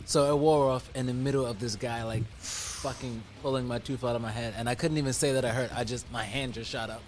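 A man's voice: medium pitch, steady tone, fairly quick, a little mellow, a little hiss or hum. A young man in a casual group chat, telling rambling stories and swearing freely.

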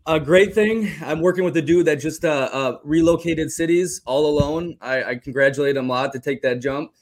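A man hosting a podcast, chatting casually and telling stories in an animated way. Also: a little high, fairly quick. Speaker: podcast host.

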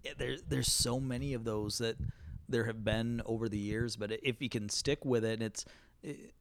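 A man's voice: mid-range voice, steady tone, moderate pace, vocal fry, no room sound. A man in a casual podcast chat, folksy and jokey, sharing his views on managing retail. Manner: folksy, jokey asides, laughs while talking. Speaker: podcast co-host.

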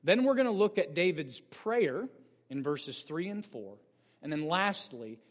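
A man, a pastor, preaching a sermon in an earnest, explanatory way and rising in emphasis on key points. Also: a little high. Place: church sanctuary. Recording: long church reverb.

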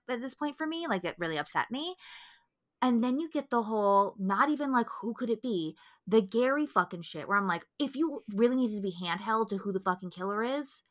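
A woman's voice: medium pitch, pushed and bright. A woman co-hosting a film podcast, ranting emphatically with lots of swearing. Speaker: podcast co-host. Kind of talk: casual film review chat.

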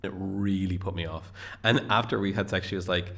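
A man's voice: deep voice, fairly even intonation, a little fast, creaky, background noise. A man co-hosting a podcast, teasing in a dry, crude way in casual chat. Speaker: podcast co-host.

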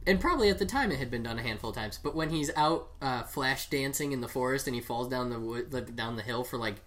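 A man's voice: mid-range voice, fast talker. A man co-hosting a casual movie podcast, rambling through scenes with lots of fillers and restarts. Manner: rambling, animated retelling with fillers. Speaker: podcast co-host.

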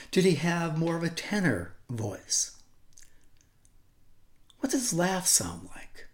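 An older man preaching a sermon, deliberate and reflective, sinking to a whisper on key phrases. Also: a little high, darkish tone.

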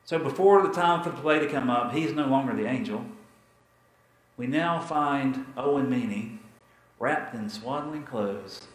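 A man pastor telling a story in a sermon, dramatic and repetitive, with emphatic pauses. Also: mid-range voice, roomy sound, rough recording.

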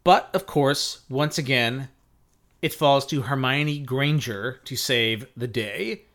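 A man co-hosting a podcast, discussing a book in a measured, analytical way. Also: medium pitch, a bit bright. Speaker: podcast co-host.

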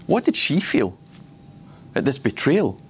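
Husky-voiced man teaching a sermon. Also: mid-range voice, very animated, measured pace, a bit bright. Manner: personal and reflective, laughs often. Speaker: preacher. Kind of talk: ministry school teaching.

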